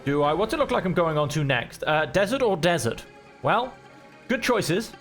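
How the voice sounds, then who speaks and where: A man giving relaxed, chatty commentary while playing a video game, thinking aloud as he goes. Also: fairly high pitch, normal speed, faint music behind. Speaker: gameplay streamer. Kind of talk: relaxed let's-play commentary.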